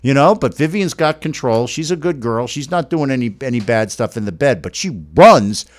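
A man's voice: mid-range voice, animated, moderate pace. A middle-aged man telling a personal story as a guest, emphatic and effusive, often repeating himself. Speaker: guest telling his wife's kidney transplant story. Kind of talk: casual emotional storytelling.

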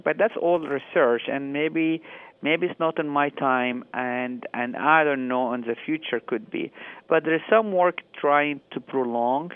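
A fertility doctor calling in over a tinny, phone-like line that sounds dry and close. He explains carefully but haltingly and often restarts his phrases. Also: on the high side, smooth, dry recording. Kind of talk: call-in interview answer. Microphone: telephone.

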